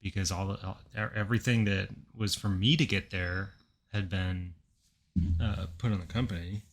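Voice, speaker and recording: A young adult man rambles through a story in casual podcast chat, wry and self-mocking. His voice sits very low. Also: steady tone, normal speed. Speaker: podcast co-host.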